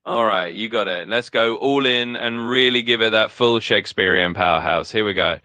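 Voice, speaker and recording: A male AI voice assistant answering questions in an upbeat, eager way, with quick explanations. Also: on the low side, bright, forceful tone, no echo, studio quality. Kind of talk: conversational answers.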